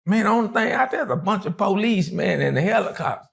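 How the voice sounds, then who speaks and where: A man doing a high, startled homeowner. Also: animated, quick pace, vocal fry, a bit bright, exaggerated voice. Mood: exasperated. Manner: high, urgent and exasperated. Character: startled homeowner, adult man, nervous and insistent.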